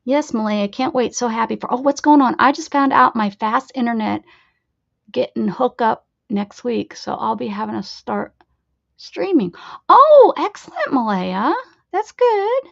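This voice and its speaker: On a casual crafting livestream, a woman chats playfully with viewers as she works. Her voice is a little high and creaky at normal speed, and the recording sounds muffled.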